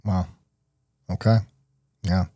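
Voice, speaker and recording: A man's voice: sits low, fairly even intonation, takes it slowly, warm tone, no room sound, studio quality. A man hosting a podcast, asking thoughtful, probing questions that he restarts as he talks. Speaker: podcast host. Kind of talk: interview conversation.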